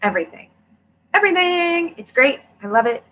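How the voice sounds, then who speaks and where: A woman hosting a casual livestream, chatting with viewers and reading a workbook aloud with lively emphasis, laughing and swearing freely. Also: on the high side, takes it slowly, muffled recording. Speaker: host of a money-mindset livestream.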